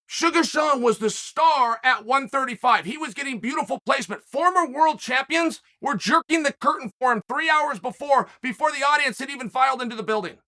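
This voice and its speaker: Pushed and bright, this man's very high-pitched voice runs fairly quickly with few pauses. He hosts his own commentary program, delivering an animated solo rant and firing rhetorical questions at viewers.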